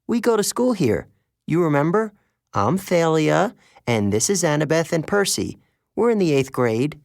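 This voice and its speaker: A man voicing a bold, quick-thinking teenage girl, talking confidently in a raised voice. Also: fairly high pitch, sing-song, vocal fry, dry recording, clean studio sound, pitched above the performer's own voice. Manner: confident and bluffing.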